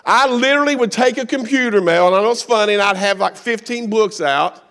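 A man's voice: high voice, a little fast, fairly bright tone. A middle-aged man with a Kentucky accent, preaching a sermon as a guest speaker in a folksy, joking storytelling manner.

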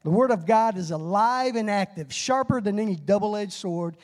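A middle-aged man preaching a short, timed sermon with call-and-response. He is excitable and folksy, laughs at his own nerves, and bursts into shouted whoops. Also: sits high, moderate pace. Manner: folksy, self-deprecating about his nerves. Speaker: lay preacher.

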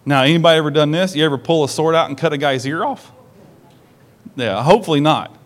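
Male pastor, a touch high-voiced, lively sermon delivery, quizzes the congregation. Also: quick pace. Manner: animated storyteller who acts out quoted lines; asks the congregation direct questions.

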